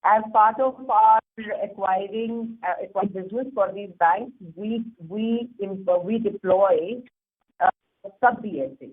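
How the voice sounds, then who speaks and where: A woman's voice: medium pitch, measured pace. A woman with an Indian English accent, a company executive explaining at length, with many fillers. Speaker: company executive on earnings call. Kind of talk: conference call Q&A. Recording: tinny phone line.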